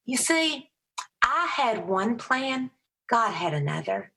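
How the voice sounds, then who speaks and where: A middle-aged woman with a heavy Southern accent, a Christian motivational speaker telling lively stories as a podcast guest. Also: slow, creaky. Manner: animated storyteller, raises her voice high for quoted people. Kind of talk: storytelling interview answer.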